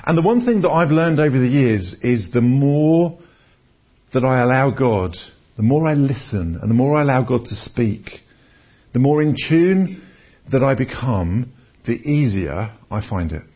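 Speaking a little slowly in an animated, medium-pitched voice, this preacher delivers a conversational sermon built on personal stories. He frequently restarts, repeating words as he goes, captured on a dull lo-fi recording.

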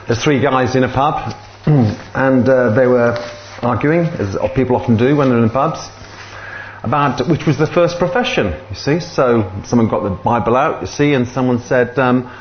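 A man's voice: mid-range voice, moderate pace, lo-fi sound, slight background noise. A man speaking as a guest in church, telling a joke and a personal story casually. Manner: conversational storytelling with fillers. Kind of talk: sermon with an opening joke.

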